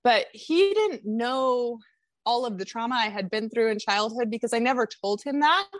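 A woman with a fairly high voice tells her personal story on a podcast. She is candid and confessional, with animated retelling. The sound is dry and close. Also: normal speed, no echo. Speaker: podcast guest.

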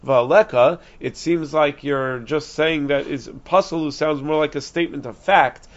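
A man teaching a Talmud lesson, explaining quickly and reasoning aloud with frequent restarts, dropping in Aramaic and Hebrew terms. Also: on the high side. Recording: dull lo-fi recording.

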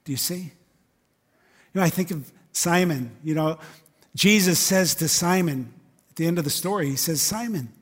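A man's voice: a little high, unhurried, pauses often, breathy edge, long reverb tail. A man preaching a sermon in a church service. He preaches in an emphatic, conversational way and keeps asking rhetorical questions. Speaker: pastor.

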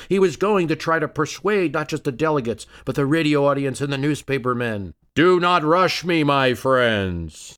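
A man with a lowish voice narrates a history story in a dramatic, scripted style, using rhetorical questions and shifting emphasis.

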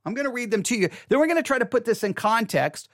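A music commentator talks straight to the viewer in a loose, chatty way, acting out their own reactions with plenty of filler words. The pitch rises and falls in a lively way. The sound is dry, with no room echo. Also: fast talker. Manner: chatty, animated, retells own reactions with lots of "like". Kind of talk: casual commentary video.

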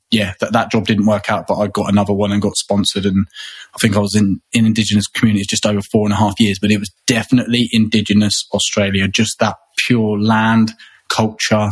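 Husky-voiced man from England. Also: on the low side. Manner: rambling, with many restarts and repeated words. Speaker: guest. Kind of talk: conversational interview.

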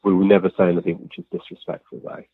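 A man's voice: low-pitched, level tone, rapid-fire. A man, an interview guest, talking plainly and earnestly with frequent ums and restarts. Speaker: guest, physical medium. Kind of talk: relaxed conversational storytelling. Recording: tinny phone-line sound, dry.

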